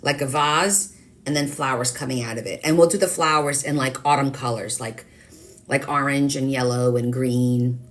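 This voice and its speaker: A woman's voice: very deep voice, normal speed. A woman hosting a live watercolor stream, chatting casually and teasing herself as she thinks aloud while painting. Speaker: live-stream craft host.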